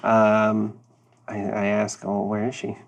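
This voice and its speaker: Slow-talking man playing a tabletop game. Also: fairly low pitch, completely flat delivery, gravelly. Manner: slow, drawn-out, laughs often. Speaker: player. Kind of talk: tabletop role-play chat.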